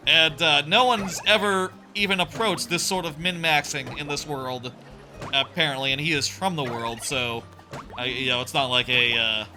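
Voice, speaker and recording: A man's voice: on the high side, moderate pace, bright, forceful tone. A young man hosting a casual let's play, rambling and chatty and swearing freely. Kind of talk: casual gaming commentary. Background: faint game music.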